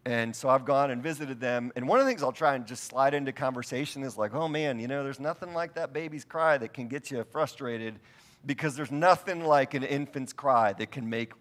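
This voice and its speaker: A man's voice: medium pitch, a bit bright. A middle-aged man preaching a sermon, telling stories in a casual, conversational and self-deprecating way. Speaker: pastor.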